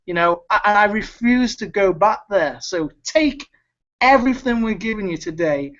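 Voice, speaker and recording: A man's voice: sits high, expressive, moderate pace, fairly bright tone, dull audio. A man hosting a webinar, giving an urgent motivational pep talk and repeating words as he pleads with listeners over a video call. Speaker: webinar host.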